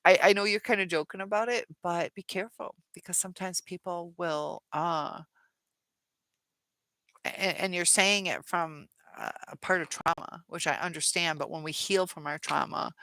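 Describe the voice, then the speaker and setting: A woman's voice: lowish voice, fairly even intonation, moderate pace, vocal fry, fairly bright tone, no echo. A woman hosting a live chat Q&A, reading viewer comments aloud and answering them in a chatty way with many fillers. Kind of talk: casual live-stream chat.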